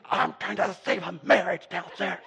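A man voicing his stern father scolding his sons in a tense whisper-yell. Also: high voice, flat delivery, normal speed, vocal fry, breathy edge, pitched above the performer's own voice, exaggerated voice. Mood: furious.

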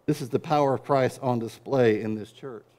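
A middle-aged man preaching a sermon as pastor, with wry conversational asides, dropping to quiet low passages and building to loud, driving peaks. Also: normal speed.

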